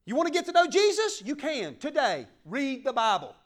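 A fervent middle-aged preacher, his voice pitched unusually high. He swings from ringing, emphatic declarations to quiet, intimate asides as he preaches. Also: wildly swooping pitch, normal speed. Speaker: pastor. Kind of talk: sermon.

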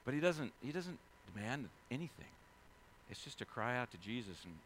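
Bright-voiced preacher man. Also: very animated, moderate pace, a little hiss or hum. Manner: swings from quiet scripture reading to loud, high-pitched preaching. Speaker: pastor. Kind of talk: sermon.

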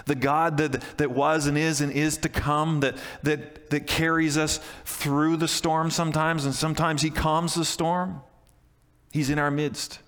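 Male pastor delivering a casual, repetitive sermon; slightly high pitch, reverberant room. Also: little pitch movement, measured pace, fairly bright tone, clean tone. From Canada. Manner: conversational, with restarts and emphatic repeats.

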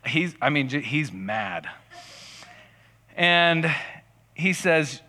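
A man preaching in a relaxed, chatty way, mixing self-deprecating personal stories into his teaching. His voice sits a little high and sounds bright and forceful. Long reverb trails after his words, as in a large room. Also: extremely slow, long pauses. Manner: conversational, self-deprecating storytelling. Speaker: pastor. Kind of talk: casual sermon with personal stories.

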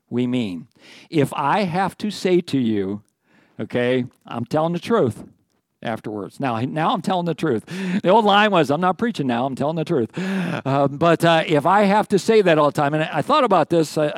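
A man's voice: fairly high pitch, no echo. Folksy man preaching a sermon. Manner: folksy, joking asides, frequent restarts. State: out of breath. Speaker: pastor.

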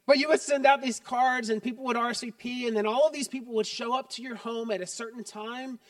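A middle-aged man preaching a sermon as pastor, conversational and joking, turning quiet and earnest. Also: very high voice, steady tone, brisk, no echo, distant mic.

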